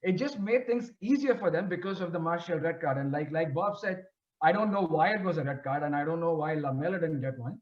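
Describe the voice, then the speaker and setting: Man, fairly high voice, fan podcast co-host, heard through a muffled, roomy connection. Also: brisk. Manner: animated, stammering restarts. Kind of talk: casual football chat.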